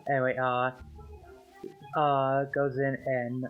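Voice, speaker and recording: A man's voice: medium pitch, monotone, takes it slowly, phone-quality sound, soft background music. A man running a tabletop game as game master, narrating scenes and slipping into character lines between laughs, recorded over a voice call. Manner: laughing, voicing characters in passing.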